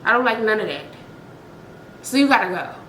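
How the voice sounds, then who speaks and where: A woman's voice: medium pitch, lively intonation, fairly quick, fairly bright tone, echoey room, slight background noise, low-quality recording. A young woman vlogger telling a dramatic personal story straight to her viewers, blunt and profane.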